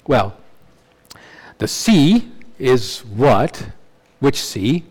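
Man preaching, fairly high voice. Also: sing-song, a little slow, darkish tone, rough recording. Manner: conversational teaching with frequent tag questions and restarts. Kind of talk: expository sermon.

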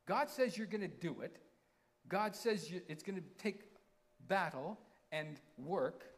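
A man delivering a casual, chatty sermon. His voice is high and very lively in pitch. He keeps checking in with the congregation as he goes. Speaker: pastor. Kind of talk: conversational sermon.

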